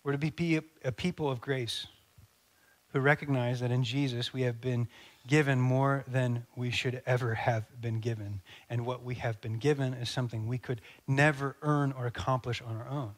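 A male pastor preaching a sermon, animated and conversational, acting out little scenes. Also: medium pitch, normal speed. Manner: animated, acts out dialogue, conversational asides.

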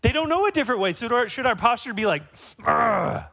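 High-voiced man preaching conversationally. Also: rapid-fire. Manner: conversational preaching, rising to animated emphasis. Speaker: pastor. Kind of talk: sermon.

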